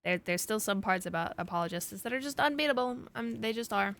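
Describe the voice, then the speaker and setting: A young woman streaming a game, giving excitable casual commentary, swearing and laughing often. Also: mid-range voice, a little fast. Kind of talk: casual let's-play commentary.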